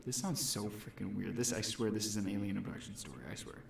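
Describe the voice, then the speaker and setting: Male streamer, low and gravelly, reads creepy accounts aloud with a dramatic edge. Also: fairly even intonation, quick pace, few pauses. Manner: dramatic reading, breaks off to react. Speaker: stream host. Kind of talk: reading spooky stories aloud with reactions.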